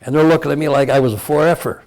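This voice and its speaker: Old guy from cleveland telling war stories, raspy fry in the voice, keeps chuckling. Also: fairly high pitch, darkish tone. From Cleveland, Ohio. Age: 80s. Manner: rambling storyteller, chuckles often. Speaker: veteran interviewee. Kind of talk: oral history interview.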